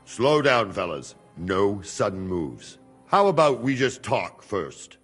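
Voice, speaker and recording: An actor playing a steady, loyal guard who speaks in a calm, firm, measured way. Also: male voice, lowish voice, breathy edge, long reverb tail, faint music behind, exaggerated voice. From Hungary.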